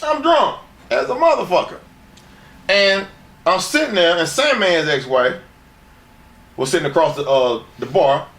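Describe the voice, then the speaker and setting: Guy telling wild profane stories, laughs a lot, kinda high voice. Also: expressive, unhurried, pauses often, a bit bright, roomy sound. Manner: crude, rambling, laughs through his stories. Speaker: interview guest. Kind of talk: profane shoot-interview storytelling.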